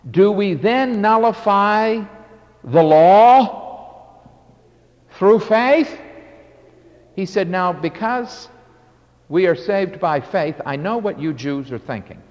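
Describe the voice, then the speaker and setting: A man's voice: sits high, a little mellow. An older man preaching a sermon as pastor, emphatic and drawn out, with sudden swells and drops in his delivery. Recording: long hall reverb.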